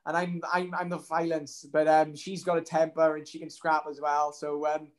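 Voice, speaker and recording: A man's voice: a little high, flat delivery, moderate pace. A man, telling a story casually as an interview guest, rambling with many ums and restarts. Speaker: guest, professional fighter.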